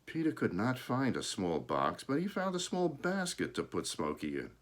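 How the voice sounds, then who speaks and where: A man reads a children's book aloud, his voice swooping high and low in a very animated way. He pauses now and then to point out the pictures, speaking at an ordinary pitch for a man. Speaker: storybook reader.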